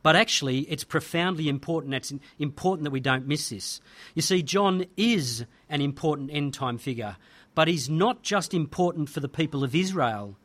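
A man's voice: a little high, lively intonation, normal speed, a bit bright. Emphatic Australian man preaching a sermon. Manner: emphatic, building rhetorical repetition.

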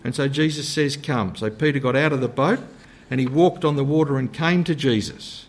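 A man preaching a sermon in an earnest way, sometimes dropping to a soft, low voice to stress a point. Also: fairly quick.

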